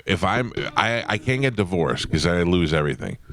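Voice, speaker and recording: A man hosting a radio show, telling stories in wry, deadpan banter. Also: low voice, moderate pace. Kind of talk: casual studio banter. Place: radio studio.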